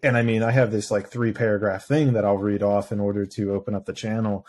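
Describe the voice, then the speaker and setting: A man's voice: on the low side, level tone, fast talker, darkish tone. A man hosting a podcast, talking reflectively and thinking aloud as he responds to his guest. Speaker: podcast host. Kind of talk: casual interview chat.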